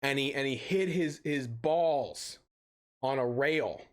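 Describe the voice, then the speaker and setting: A man's voice: mid-range voice, slow pace. A young adult man streaming a game, ranting with heavy swearing and telling stories in a casual way. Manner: profane ranting with animated storytelling. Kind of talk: casual live-stream chat.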